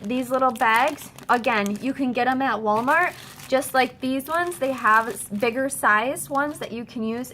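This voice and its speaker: High-voiced woman, casual home how-to vlog, hurried and chatty, faint hiss behind. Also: bright, forceful tone. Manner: chatty, hurried, with fillers and restarts. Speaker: direct-sales consultant.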